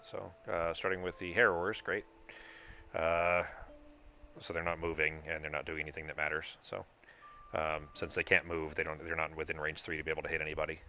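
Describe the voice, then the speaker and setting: A man's voice: sits low, sharp tone. A man acting as game master for a tabletop board game, thinking aloud, counting moves and swearing casually.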